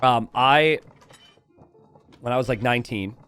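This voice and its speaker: A man's voice: medium pitch, measured pace, a bit bright, smooth. A man from the United States hosting game commentary, breaking off into a rambling, casual story told with lots of animation. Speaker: game caster and host.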